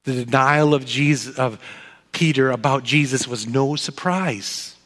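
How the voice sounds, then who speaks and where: A man preaching a sermon, telling the story dramatically and dropping to soft, low tones at key moments. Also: unhurried. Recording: echoey hall.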